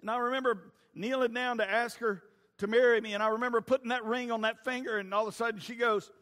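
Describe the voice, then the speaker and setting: A man's voice: extremely high pitch, fairly even intonation, fast talker, fairly bright tone. A man preaching a sermon, telling folksy family stories with stumbling restarts. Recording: long reverb of a large hall.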